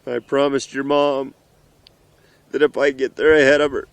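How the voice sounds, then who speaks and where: Middle-aged man, emotional, halting, earnest, steady even pitch, dry close sound. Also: clear, resonant tone, dry recording. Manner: earnest, halting, with pauses and restarts. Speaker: father. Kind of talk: heartfelt personal message to his children. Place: outdoors in the mountains.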